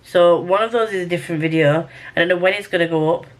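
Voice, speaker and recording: A woman's voice: on the low side, fast talker. Chatty rambling woman vlogger. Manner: rambling and chatty, self-mocking, swears casually. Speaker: book vlogger. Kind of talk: casual vlog chat to camera.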